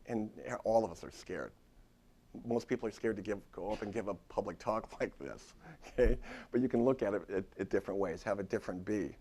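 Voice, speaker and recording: A man's voice: on the low side, a little mellow. A middle-aged man, a therapist giving a live lecture to other therapists, talking straight to the audience with emphatic repetition. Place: lecture room at a university.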